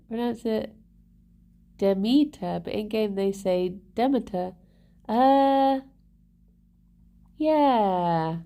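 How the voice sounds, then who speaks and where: A woman's voice: on the high side, dark tone. A woman live-streaming and chatting casually with her viewers, laughing often and talking to her pets. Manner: giggly, chatty, talks to pets and chat.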